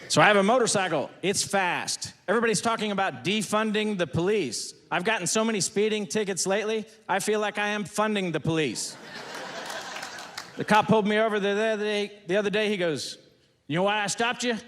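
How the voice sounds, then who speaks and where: A man's voice: sits high, brisk, fairly bright tone, long reverb tail. A man performing a stand-up routine, firing off folksy one-liners on stage before a laughing audience. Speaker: stand-up comedian.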